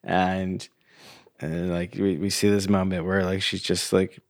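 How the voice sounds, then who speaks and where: A man co-hosting a podcast, casually retelling movie scenes with lots of "like" and quick laughs. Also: low-pitched, little pitch movement, dry recording, clean studio sound. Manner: loose, laughing retelling with many likes. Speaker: podcast co-host. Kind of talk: casual movie review chat.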